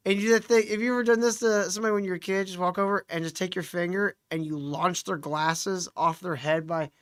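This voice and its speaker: A man's voice: high voice, steady tone, fast, clear, resonant tone, no room sound, clean studio sound. A man co-hosting a podcast, chatting crudely and laughing often as he retells scenes and acts out the voices. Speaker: podcast co-host. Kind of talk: casual crude banter.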